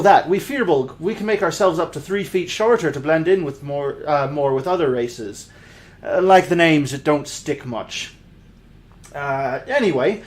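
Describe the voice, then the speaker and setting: A man voicing a huge, gentle, pacifist male firbolg paladin in a put-on rustic folk accent, friendly and bumbling. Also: on the high side. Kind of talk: in-character introduction.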